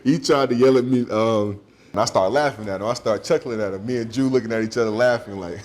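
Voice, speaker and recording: A young man, a high school football recruit, talking casually in an interview, laid-back and quick to laugh. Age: young adult. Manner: relaxed, laughs easily, drawling slang.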